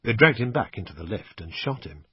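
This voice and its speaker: A man with a husky voice narrating a thriller in the first person, in a tense, gritty way. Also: lowish voice, sing-song, fairly quick, no room sound. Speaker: audiobook narrator. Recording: muffled lo-fi recording, dry.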